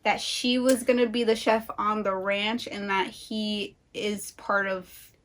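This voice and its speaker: A young woman co-hosting a casual book chat, retelling plots in a rambling, animated way and slipping into character quotes. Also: medium pitch, slow. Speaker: book channel co-host.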